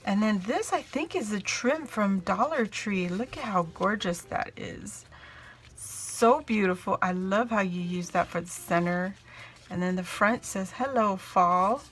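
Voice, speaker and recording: A woman's voice: medium pitch, unhurried, slight background noise. A woman vlogger chatting casually as she unboxes craft mail, gushing and exclaiming often.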